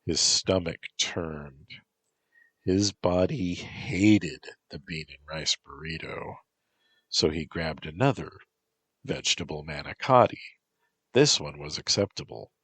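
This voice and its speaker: A man with a very deep, husky voice reads a story slowly and with measured calm. The sound is dry and close, with no room around it. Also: dry recording. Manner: slow, measured. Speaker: narrator. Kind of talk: storybook reading.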